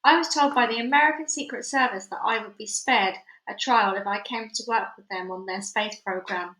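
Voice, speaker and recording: A woman's voice: mid-range voice, moderate pace, sharp tone, roomy sound, poor audio. A woman voicing a sinister old male mad scientist whose head lives in a jar, speaking with a German accent, cold and sneering. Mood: commanding.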